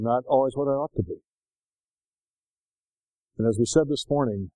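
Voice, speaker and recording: An older man preaching in a folksy, animated storytelling manner, acting out voices now and then. His voice sits at an ordinary pitch for a man. The sound is dry and close, with almost no room around it. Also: normal speed, pauses often, no echo, low-quality recording. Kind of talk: sermon.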